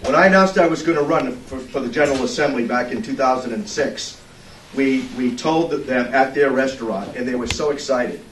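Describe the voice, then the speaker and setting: A man's voice: mid-range voice, a little fast. A middle-aged man giving a folksy, storytelling political speech at a fundraiser. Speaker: political speaker. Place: indoor event room. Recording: echoey room, distant mic, background noise.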